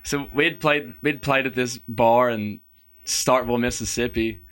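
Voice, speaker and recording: A man's voice: medium pitch, steady tone, moderate pace, fairly bright tone. A man telling a rambling, laughing story as a guest on a casual podcast, acting out the people he quotes. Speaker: podcast guest, touring musician. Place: podcast studio.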